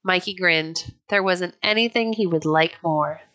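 A woman narrating a children's pioneer story in a clear, even, unhurried storybook reading. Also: fairly low pitch. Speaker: audiobook narrator.

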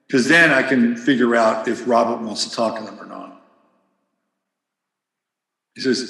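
A male podcast host rambles loosely from one tangent to the next, swearing freely as he goes. His mid-pitched voice carries a long reverb that rings around a roomy space. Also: moderate pace, vocal fry, pauses often, sharp tone. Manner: rambling, digressive and profane. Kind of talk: casual monologue.

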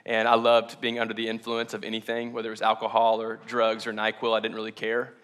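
A man's voice: on the low side, monotone, fast talker, a bit bright, clean tone. A young adult man preaching a sermon, earnest and confessional, close to tears at times, stumbling and restarting as he tells his own story. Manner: earnest and confessional, with self-conscious laughs and restarts. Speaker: pastor.

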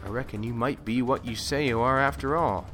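A man's voice: mid-range voice, a little fast, a bit bright, faint music behind. A man who hosts a podcast, performing a comedy sketch in a theatrical frontier drawl with grandiose greetings. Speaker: podcast host.

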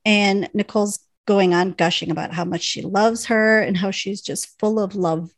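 A woman in her thirties chats through an episode recap as a podcast co-host, animated and quick to laugh. Her voice sits at an ordinary middle pitch. The recording is dry and close, with no room sound. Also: no echo. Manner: animated retelling with laughs, acting out characters' lines. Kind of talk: casual chat.

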